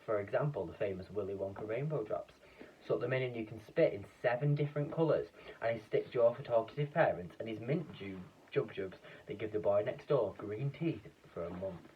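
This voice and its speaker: A man reading a children's book aloud in a lively, expressive way, with a few slips and restarts. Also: fairly low pitch, a little fast, a little hiss or hum. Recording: dull, distant lo-fi recording.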